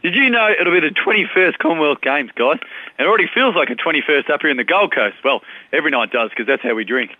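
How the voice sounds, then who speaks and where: A man's voice: a little high, expressive, fast, no echo. A man doing a cheeky ocker Australian sports star impression with a broad Australian accent, joking like a larrikin down a muffled phone line. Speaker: comic caller.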